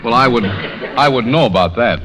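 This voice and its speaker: A man hosting a 1930s radio comedy with quick, playful wisecracks. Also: medium pitch, poor audio. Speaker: host.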